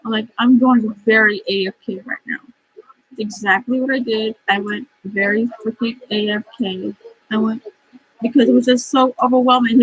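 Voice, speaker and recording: A woman's voice: a little high, husky, rough recording. A woman vlogging casually, reading out chat messages and venting in a frustrated, profane, rambling way while upset and stressed.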